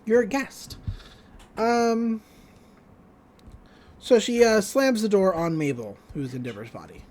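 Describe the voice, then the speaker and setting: A woman's voice: mid-range voice, animated, takes it slowly, darkish tone. A woman co-hosting a podcast, casually recapping a cartoon episode with wry asides and frequent laughter. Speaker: podcast co-host.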